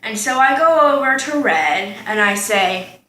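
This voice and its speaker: Rambling bright-voiced teen girl vlogger. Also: fairly high pitch, animated, unhurried, a little hiss or hum. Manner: rambling, sidetracked, lots of ums and likes. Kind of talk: casual storytime chat. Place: home kitchen. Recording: echoey room.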